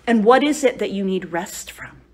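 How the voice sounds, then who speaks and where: In a mid-range voice, a woman leads a live retreat talk, telling stories in a chatty way at a moderate pace. She is animated and often asks the group "right?" and "you know?".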